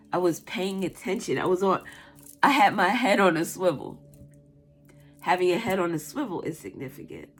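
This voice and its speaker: A woman doing a tarot reading, who first tells a casual story with lots of swearing and laughter. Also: on the low side. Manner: animated, profane, laughs while telling a story. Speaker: tarot reader.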